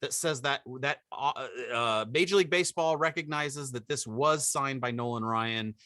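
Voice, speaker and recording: A man's voice: mid-range voice, moderate pace, no room sound, studio quality. A man co-hosting a podcast, telling an anecdote in casual chat and acting out the people he quotes. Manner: animated storyteller, acts out quotes. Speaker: podcast co-host.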